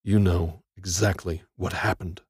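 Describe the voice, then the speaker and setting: A brutish, dim-witted prison guard sneers at his captive in a deep, low voice, as a man reads him. His taunts come out flat and mocking, and the dry close sound has almost no room to it. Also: unhurried, breathy edge, no echo, heavily acted. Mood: taunting.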